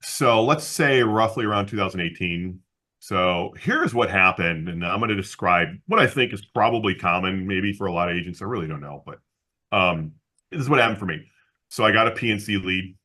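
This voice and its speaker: Low, forceful man telling a lively story. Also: fairly quick. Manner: animated storyteller who acts out the people he quotes; frequent laughter and restarts. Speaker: guest, insurance agency owner. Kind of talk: casual interview storytelling.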